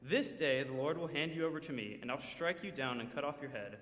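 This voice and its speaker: Man voicing a teenage shepherd boy shouting defiance. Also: mid-range voice, a little fast, close to an everyday voice. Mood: defiant. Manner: declaiming loudly with full effort. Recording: echoey church hall with long reverb.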